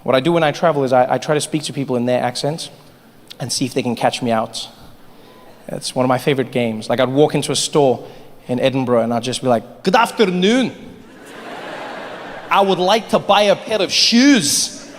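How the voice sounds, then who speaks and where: Speaking fast at a medium pitch, a male comedian from South Africa performs a stand-up set on a stage in a big hall. He tells animated stories and does voices, with reverberant acoustics and faint ambience.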